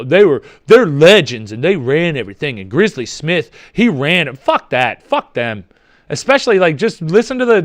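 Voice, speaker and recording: Casual, profane young male vlogger with a bright, lively voice, recorded dry and close. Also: a little high, no room sound. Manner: rambling, profane, animated. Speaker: vlogger reading viewer comments. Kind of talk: casual chat.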